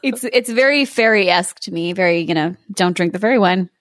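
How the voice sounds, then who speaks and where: A woman co-host in a casual podcast chat. She chats agreeably and laughs often. Her voice is mid-pitched and the sound is dry. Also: brisk, dry recording.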